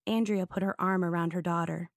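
A woman narrating an audiobook in a clear storytelling manner. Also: lowish voice, steady tone, brisk, no room sound, studio quality. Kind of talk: scripted narration.

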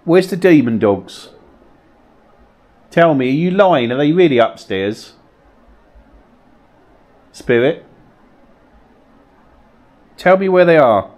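Male ghost-hunt host, animated delivery, uneasy coaxing questions, old mill cellar. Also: a little high, slow, pauses often. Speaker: paranormal investigator host. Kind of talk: ghost-hunt vlog, calling out to spirits.

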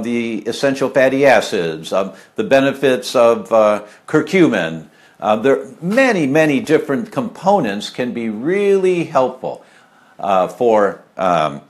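Middle-aged man, animated pitch, chatty, rambling, lots of fillers, live casual talk. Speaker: health speaker answering viewer questions.

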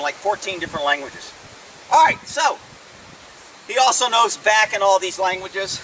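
A man's voice: sits high, animated, measured pace, pauses often. A man training his horse on a farm, talking in a blunt, mocking, sarcastic way, recorded outdoors from a distance. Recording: distant outdoor mic, faint noise.

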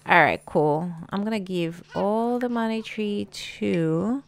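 A woman's voice: mid-range voice, slow pace, vocal fry. A woman giving casual gameplay commentary, chatting to her game characters with plenty of fillers. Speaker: gameplay streamer.

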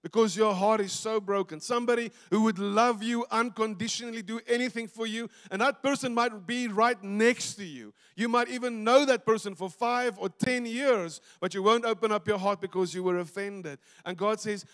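A man from South Africa preaching a sermon and telling stories, swinging between loud bursts and hushed, quiet passages. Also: high voice, steady tone, normal speed, few pauses. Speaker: pastor. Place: church sanctuary. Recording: church hall reverb.

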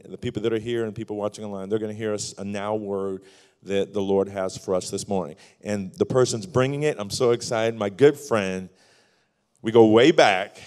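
A man hosting a church service, giving announcements and a short devotional with animated, rising emphasis. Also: lowish voice. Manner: animated, builds to loud exclamations. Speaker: church host.

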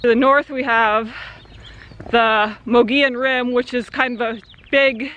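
A woman's voice: a little high, a bit bright, slight background noise. A young woman from Central Arizona, talking casually in a rambling vlog by a creek swimming hole, with many fillers. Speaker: vlogger. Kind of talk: casual outdoor vlog talk.

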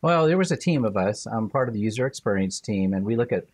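A man working as a user experience consultant, explaining his job in an even way on a podcast. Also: on the low side, fast talker, husky, dry recording. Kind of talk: casual podcast interview.

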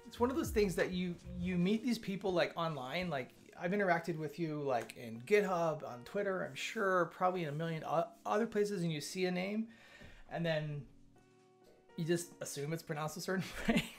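A man hosting a casual live coding stream, thinking aloud as he works and chatting with viewers as they arrive. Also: sits high. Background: chill lo-fi music.

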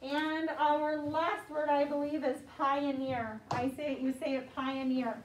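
A woman teaching second graders, saying words slowly and clearly for the class to repeat. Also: high voice, flat delivery, background noise. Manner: slow, clear call-and-response teaching. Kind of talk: classroom vocabulary lesson. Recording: echoey classroom mic from far off.

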